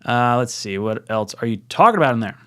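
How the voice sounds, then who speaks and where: Excitable young man hosting a live stream. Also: a little fast. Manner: excitable, laughs often, jumps into higher pitch when reading chat. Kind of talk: casual live stream chat reading viewer comments.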